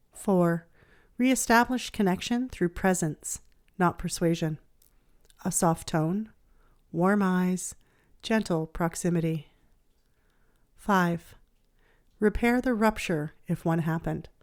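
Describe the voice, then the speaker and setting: A woman therapist hosting a podcast, reading her reflective script in a gentle, measured, soothing way. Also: lowish voice. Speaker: child therapist and podcast host.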